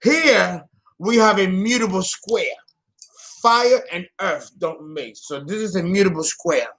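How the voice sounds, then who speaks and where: A man's voice: sits high, measured pace, a bit bright. A man hosting an astrology channel, talking casually and theatrically, often exclaiming and laughing at himself. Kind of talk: casual solo astrology talk.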